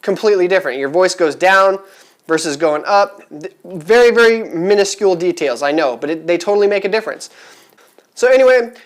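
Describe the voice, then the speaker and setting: A man's voice: high-pitched, animated, fairly quick. A man talking casually to camera in a vlog, chatty and rambling with many fillers, upbeat and eager. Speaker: vlogger giving resale advice.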